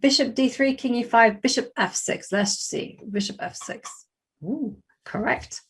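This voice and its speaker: A woman's voice: a little high, a little slow, breathy edge. A young woman with a West London English accent talks her way through chess games on a live stream. She is chatty and laughs easily, and she thinks aloud with plenty of restarts. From England. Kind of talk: casual live-stream chat while playing chess.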